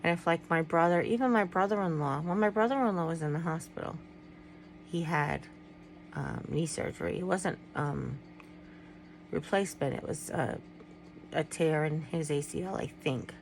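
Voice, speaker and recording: A middle-aged woman vlogs directly to her viewers in a loose, confiding way, drifting off mid-thought and coming back around, sometimes tearful. Her somewhat low voice has a rough, gravelly edge and moves at a normal speed. The audio is poor, with a faint hum underneath.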